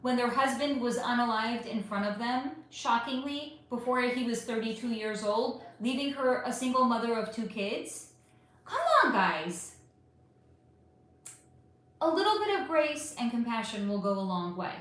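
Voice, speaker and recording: Hosting a casual livestream, a woman reads viewer questions aloud and answers them, speaking directly to her viewers with lots of emphasis. Her high, fairly bright voice swoops around with lively intonation at a slightly slow pace. The very echoey room makes the sound bounce.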